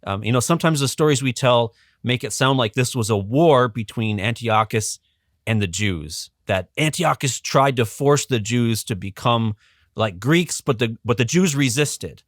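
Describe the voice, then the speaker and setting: A man's voice: mid-range voice, expressive, moderate pace, dry recording, clean studio sound. A man as a guest educator, explaining history in a casual, conversational way with frequent ums and restarts.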